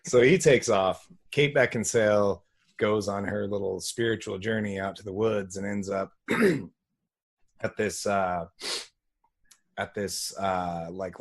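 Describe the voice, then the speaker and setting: A man co-hosting a podcast, recapping a movie in casual chat, laid-back, swearing and laughing often. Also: low voice. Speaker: podcast co-host.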